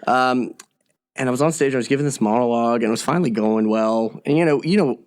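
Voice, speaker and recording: A man's voice: medium pitch, quick pace. A young man, an actor, co-hosting a comedy podcast, telling stories with lots of swearing and acted-out quotes. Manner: animated, profane, acts out quotes. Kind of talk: casual comedy chat, storytelling.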